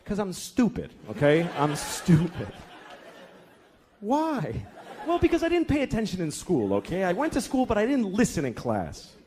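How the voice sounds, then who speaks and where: A man's voice: high voice, huge pitch swings, slow, pauses often, some chatter behind, slight background noise, voice pushed up, full character voice. A man voicing his small daughter, who keeps asking why with insistent, repetitive questions. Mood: persistent.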